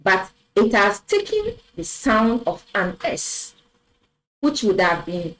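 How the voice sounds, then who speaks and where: Woman teaching french online, takes it real slow, says every word twice so it sticks. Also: medium pitch, very animated, rough recording. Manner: slow, deliberate, repeats words for clarity. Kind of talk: online language lesson.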